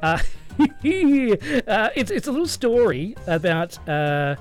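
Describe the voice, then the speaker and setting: A man hosting a radio show, chatty and quick to laugh. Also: high voice, very animated, soft background music. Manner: chatty, laughs easily, many fillers. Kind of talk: casual radio chat.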